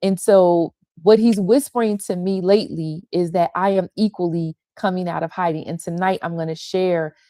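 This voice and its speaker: Older woman pastor, heartfelt devotional, lowish voice, dry close sound. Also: steady tone, normal speed, hardly any pauses, mellow, no room sound. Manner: tender and confessional, repeating phrases for emphasis. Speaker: pastor and women's ministry leader. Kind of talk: heartfelt devotional teaching on a livestream.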